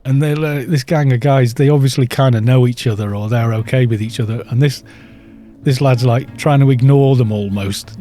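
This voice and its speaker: A man with a mellow, darker voice talks through a live game stream, drifting from game remarks into long, chatty stories. His delivery is loose and rambling, with faint music playing behind him. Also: mid-range voice, normal speed. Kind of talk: casual live-stream chat while gaming.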